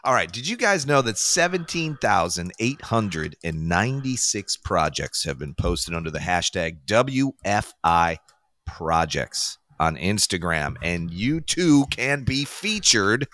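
A man's voice: low voice, sing-song, unhurried, pushed and bright. A man hosting a podcast in casual chat, rambling and joking, laughing at his own jokes. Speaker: podcast host.

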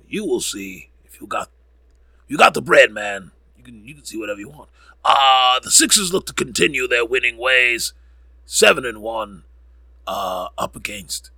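Slow talking guy with a gravelly husky voice, rambling thru basketball scores, joking and fixing his slipups. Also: lowish voice, pushed and bright, dry recording. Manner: rambling, joking, corrects himself often. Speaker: podcast host. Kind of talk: casual sports score recap.

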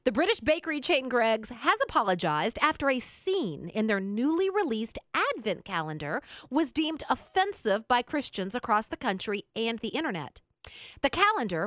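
Animated Southern woman radio host. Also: a little high, no echo, clean studio sound. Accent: Southern American. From Southern United States. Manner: animated, teasing, reads quotes aloud. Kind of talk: casual chat reading news stories.

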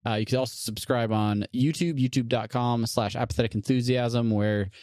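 A man's voice: mid-range voice, fairly even intonation, normal speed, darkish tone, dry recording, clean studio sound. A man co-hosting a podcast, chatting casually with a laid-back, joking manner and many fillers. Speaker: podcast co-host.

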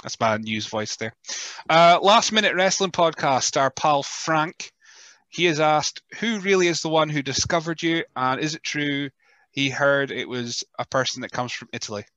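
Bright, dry-sounding male podcast host. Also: on the high side, moderate pace, dry recording. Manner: chatty, stumbling restarts. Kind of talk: casual podcast chat.

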